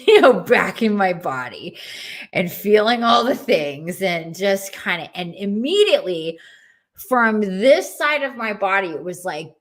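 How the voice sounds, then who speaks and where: A woman in her forties tells a personal story as a podcast guest, in a casual and lively way. She acts out the voices she heard, going louder and higher for them. Her voice sits at a middle pitch. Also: normal speed.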